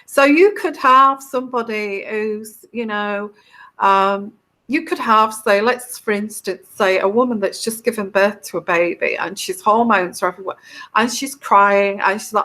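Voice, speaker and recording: Slow, bright-voiced woman chatting. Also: mid-range voice. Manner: rambling, heartfelt, with frequent restarts and put-on quoted voices. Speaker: tarot reader hosting a live stream. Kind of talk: live-stream chat to viewers.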